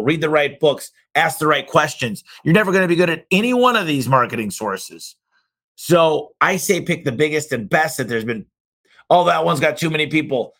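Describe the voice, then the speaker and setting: Punchy, fast-talking man giving business advice. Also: medium pitch, fairly bright tone. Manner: punchy and emphatic, with sudden exclamations and mock-slow demonstrations; talks fast by his own account. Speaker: podcast host answering listener questions.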